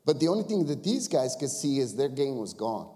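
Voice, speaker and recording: A man preaching a sermon as pastor, animated and conversational, often asking rhetorical questions. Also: medium pitch, brisk, in a large hall.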